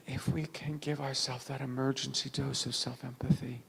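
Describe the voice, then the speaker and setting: A man telling an emotional story to an audience, dramatic, dropping from loud lines to near whispers. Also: medium pitch, flat delivery, normal speed, gravelly, few pauses, breathy edge.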